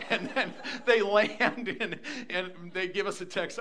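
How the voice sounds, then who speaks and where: A man's voice: high voice, slow pace. An older man preaching a sermon, telling a family story with lots of energy and acting out the voices of the people in it. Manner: animated, acts out voices in anecdotes. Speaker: pastor.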